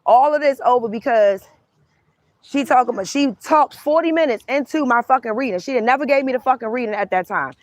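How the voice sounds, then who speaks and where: A woman's voice: on the high side, brisk, no room sound. A young adult woman, a tarot reader, telling a casual storytime rant, heated and profane, acting out both sides of an argument.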